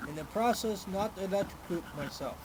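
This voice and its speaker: A man's voice: high-pitched, normal speed, very noisy. A man chatting casually while working on his car in a garage, full of crude, profane jokes and banter.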